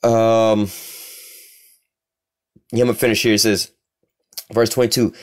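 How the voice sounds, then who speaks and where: A man teaching scripture casually, reading verses aloud slowly and commenting bluntly with street profanity. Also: lowish voice, level tone. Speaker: religious teacher.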